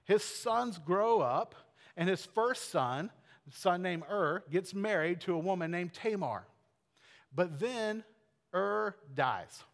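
A man preaches, retelling scripture like a story with plenty of asides and loose fillers. His voice sits a little high for a man. The sound rings out in a big hall with a long tail of reverb. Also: animated, takes it slowly. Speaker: pastor. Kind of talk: sermon.

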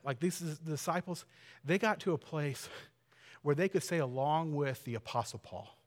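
A man preaching a sermon in a church sanctuary, talking conversationally and earnestly, building to loud emphatic peaks. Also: a little high, normal speed, long reverb tail. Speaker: pastor.

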